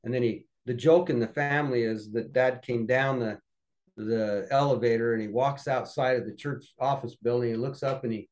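A middle-aged man who is a podcast guest, telling family anecdotes casually and lively, acting out other people's voices along the way. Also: medium pitch, normal speed, low-quality recording. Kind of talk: casual storytelling.

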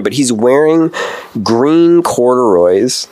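A man's voice: medium pitch, slow pace, a little mellow, no echo. Rambling man from Wisconsin, dry sound. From Wisconsin, USA. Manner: rambling, profane, full of "like" fillers. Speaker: podcast guest. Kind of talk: casual storytelling.

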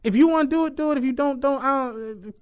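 A young man hosting a podcast, telling stories in a casual, animated and profane way. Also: very high voice, quick pace. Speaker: podcast host. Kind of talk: casual chat.

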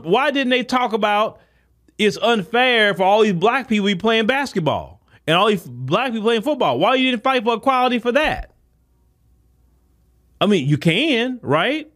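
Emphatic man with a high voice. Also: a bit bright. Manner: emphatic, repetitive, talks straight to listeners. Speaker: podcast host. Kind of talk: casual monologue commentary.

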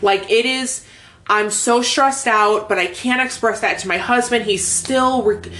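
A woman's voice: a little high, a little slow, a bit bright. Young woman swearing through a candid story. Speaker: podcast co-host. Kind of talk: casual chat.

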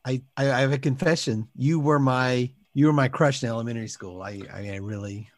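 A man's voice: mid-range voice, brisk, dry recording. Man, gushing earnest improv voice, dry close sound. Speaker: comedy podcast host. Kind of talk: improv comedy scenes.

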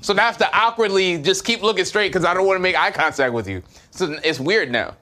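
A man's voice: high-pitched, expressive, quick pace, pushed and bright. A man co-hosting a podcast, telling stories in a casual, reflective way with lots of fillers and restarts. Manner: reflective, hesitant storytelling with many fillers. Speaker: podcast co-host. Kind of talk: casual chat.

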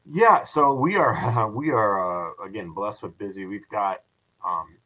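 A man's voice: lowish voice, a little slow, low-quality recording. A man who runs a ghost tour, telling stories in a casual podcast interview with many restarts. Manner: animated storyteller with many restarts. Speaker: building owner and ghost tour operator.

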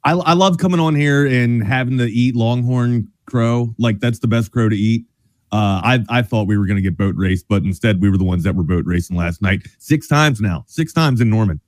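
A man calling in to a sports talk show, excitable and joking in casual banter. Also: medium pitch, moderate pace, dry recording. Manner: excitable, joking, laughs easily. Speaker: caller guest.

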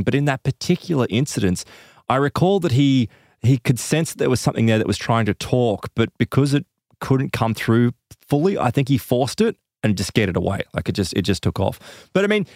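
A man's voice: mid-range voice, fairly quick, no echo. Man telling a story in a dry room. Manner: animated retelling with frequent fillers and asides. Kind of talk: casual storytelling chat.

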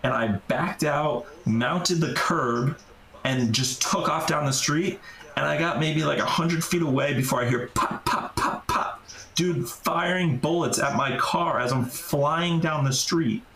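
A man's voice: a little high, unhurried, fairly bright tone. A man guest on a podcast, casually telling a story with lots of "like" fillers and swearing. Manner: rambling, heavy use of "like", swearing. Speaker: podcast guest, urban explorer. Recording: echoey room.

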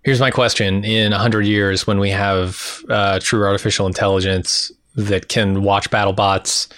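A man co-hosting a casual podcast, recapping episode scenes from his notes in a relaxed, easygoing way. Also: lowish voice, normal speed, dry recording, clean studio sound. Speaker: podcast co-host.

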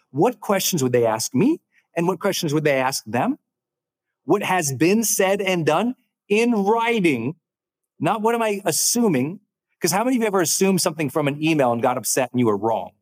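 A man giving a motivational talk with a high, lively voice that swoops up and down. He talks emphatically and slows right down to stress his key points. Now and then he acts out other people's voices, pitching higher. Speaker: host.

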